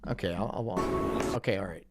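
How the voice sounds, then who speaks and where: A man hosting a live stream, reacting to clips in an animated way and swearing often. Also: sits low, normal speed, over music. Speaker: streamer host.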